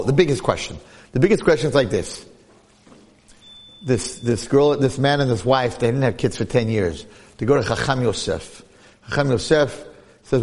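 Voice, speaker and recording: A man giving a lively Torah class, storytelling and asking rhetorical questions while acting out the people he quotes. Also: medium pitch, normal speed, creaky, breathy edge. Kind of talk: animated Torah lecture with storytelling. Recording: long hall reverb.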